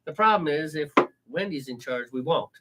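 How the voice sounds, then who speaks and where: A man co-hosting a casual home-brewing show, chatting and joking about beers in animated banter. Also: a little high, normal speed. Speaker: co-host. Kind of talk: casual chat.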